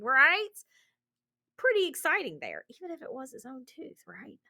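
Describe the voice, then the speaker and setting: A woman teacher giving a recorded reading lesson to children in an animated, encouraging way, asking lots of rhetorical questions. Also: high voice, a little slow.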